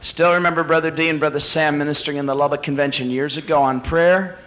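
A man's voice: a little high, fairly even intonation, quick pace, fairly bright tone, low-quality recording. A man preaching a sermon, telling a Bible story dramatically and rising to emphatic peaks.

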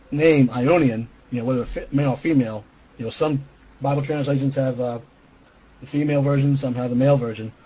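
A fairly high, husky-voiced man delivers an earnest sermon, explaining scripture step by step and checking in with his listeners. The recording is dull and lo-fi. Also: dark tone. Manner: earnest explanatory teaching with frequent "okay?" check-ins. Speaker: preacher. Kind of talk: sermon teaching.

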